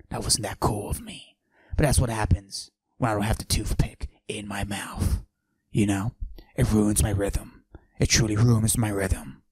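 A man doing a cocky macho character who forces his voice deep and breathy, in a comedic podcast monologue. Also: darkish tone, dry recording. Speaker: podcast host.

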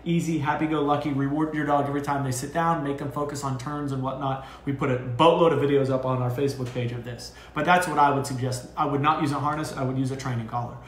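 A man giving casual dog training advice as a co-host, talking in an animated way. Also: fast talker, hardly any pauses, a little hiss or hum. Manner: animated, jumps into high acted voices for owners. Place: dog boarding facility room. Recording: echoey room.

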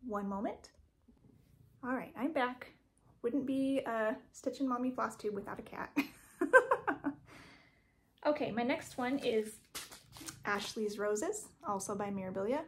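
A woman with a slightly raised pitch talks through her craft projects in a casual home vlog. She rambles, corrects herself and fills pauses with ums, recorded on a camera mic in a room at home. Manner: chatty, rambling, self-correcting with frequent ums. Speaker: cross stitch vlogger. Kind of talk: casual show-and-tell vlog.

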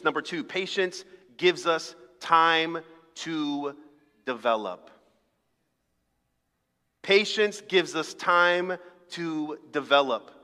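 Male pastor, high bright voice, humorous conversational sermon, long church-hall reverb. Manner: conversational, humorous, acts out little dialogues. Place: church sanctuary.

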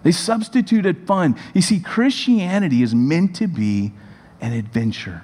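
A pastor telling stories in a sermon, animated and rambling with many fillers. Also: male voice, on the high side, a little slow, in a large hall. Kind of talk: sermon storytelling. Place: church hall.

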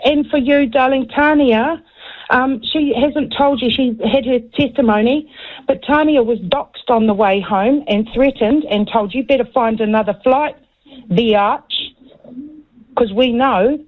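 A woman calling in to a talk radio show, talking in an emphatic, agitated and excitable way. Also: fairly high pitch, a little slow. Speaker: caller. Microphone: phone. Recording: tinny phone line.

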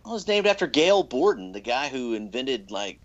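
A man's voice: medium pitch, big pitch swings, brisk, muffled recording. A man co-hosting a podcast, talking in a wry, understated way with dry jokes. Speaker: podcast co-host. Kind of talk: casual podcast chat.

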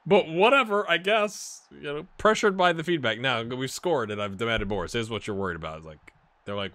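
A man giving casual, amused commentary while playing a football management game, getting excited during the action. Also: medium pitch, fairly quick. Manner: chatty, amused, jumps to excited play-by-play. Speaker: gaming YouTuber. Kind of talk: casual let's-play commentary.

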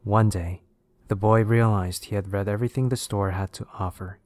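A man narrating scary stories in a steady, measured way. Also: lowish voice, no echo. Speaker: horror story narrator. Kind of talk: scripted narration of horror stories.

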